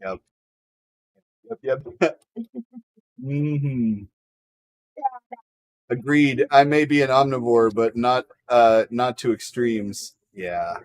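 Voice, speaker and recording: A man hosts a relaxed livestream, joking and laughing as he reads viewer comments aloud. His voice sits at an ordinary middle pitch. The sound is dry and close, with no room echo. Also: slow pace, pauses often. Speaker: livestream host. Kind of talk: casual livestream chat.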